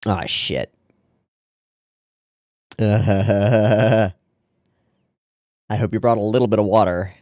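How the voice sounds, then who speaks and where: A man's voice: fairly low pitch, fairly even intonation, very slow, pauses often, darkish tone, no echo, studio quality. A man hosting an anime reaction video, swearing, laughing and talking back to what he watches. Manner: swears often and talks back to the screen; laughs and reads on-screen lines aloud. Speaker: anime reaction channel host. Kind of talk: casual reaction commentary.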